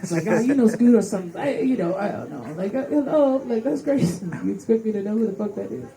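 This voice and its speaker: A man's voice: sits high, lively intonation, fairly quick, vocal fry, dark tone. A man doing a loose, profane stand-up set on a live stage, laughing through his stories. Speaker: stand-up comedian. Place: live stage before an audience. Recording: live mic with crowd noise.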